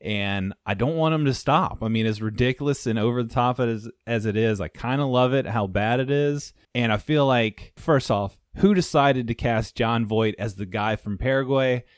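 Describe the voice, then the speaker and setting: A man's voice: mid-range voice, moderate pace, few pauses, no room sound, studio quality. A man co-hosting a podcast, chatting casually about a movie in a laid-back, rambling way and laughing often. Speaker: podcast co-host. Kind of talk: casual movie review chat.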